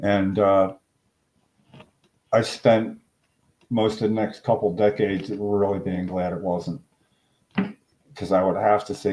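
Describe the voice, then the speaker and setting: An older man, a guest in an interview, telling a long story in a rambling, animated way and acting out the voices he quotes. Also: fairly low pitch, slow pace, pauses often, highs cut off. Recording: echoey room.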